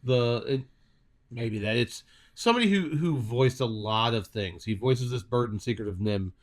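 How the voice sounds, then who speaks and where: A man's voice: mid-range voice, normal speed. A man co-hosting a casual podcast, rambling and searching for names as he talks. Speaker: podcast co-host. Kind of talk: casual chat.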